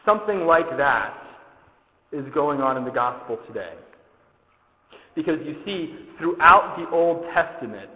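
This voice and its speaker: A man's voice: a little high, animated, measured pace, pauses often. A man preaches in a church, telling a story and voicing its people as he goes. The sound is thin and tinny, like a phone line. The room is echoey, with a long reverb hanging after his phrases. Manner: storytelling, acting out the dialogue. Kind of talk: sermon with a told story.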